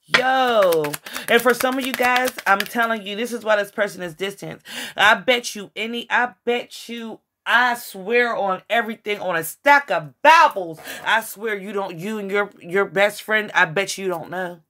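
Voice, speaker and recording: A woman giving a casual tarot reading to her viewers, excitable and swearing often as she talks to them directly. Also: medium pitch, a little slow, slight background noise. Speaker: tarot reader.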